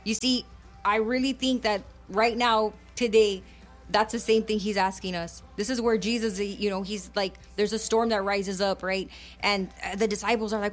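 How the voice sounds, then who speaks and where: A woman's voice: medium pitch, moderate pace, faint music behind. A woman preaching on a radio program, fervent and conversational, switching between English and Spanish to encourage listeners.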